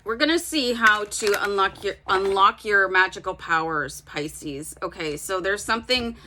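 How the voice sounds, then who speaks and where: A woman's voice: medium pitch, moderate pace, noisy background. A woman giving a casual tarot reading, chatting directly to her viewers with plenty of fillers. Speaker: tarot reader.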